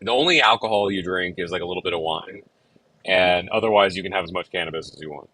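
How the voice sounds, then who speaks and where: A man talks through songwriting ideas in a loose, rambling way, full of fillers and restarts. His voice sits on the low side but has a bright, forceful edge. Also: fast, a little hiss or hum, poor audio. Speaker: songwriter and show host. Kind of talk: casual chat about songwriting.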